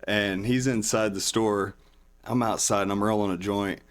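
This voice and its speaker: A podcast guest with a fairly low voice and fairly even intonation speaks at a moderate pace. He tells a long, rambling story in casual conversation, raising his voice whenever he acts out other people's lines.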